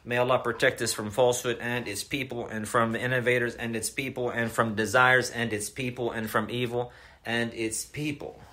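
Bright-voiced man giving an emphatic lecture. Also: medium pitch, little pitch movement, moderate pace. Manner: emphatic, repetitive, asks the audience questions. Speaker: Islamic lecturer. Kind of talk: religious lecture.

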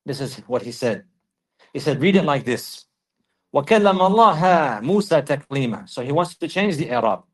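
A man giving a religious lesson, repeating key phrases for emphasis and reciting Arabic verses quickly. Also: medium pitch, expressive, rough recording. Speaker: Islamic teacher.

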